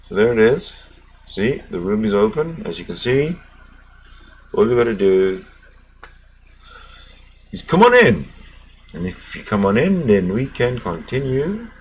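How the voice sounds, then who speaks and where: This casual livestream's male host has a husky, slightly mellow voice on the low side with a sing-song lilt and moderate pace. He mutters while clicking around, then signs off teasingly and sarcastically.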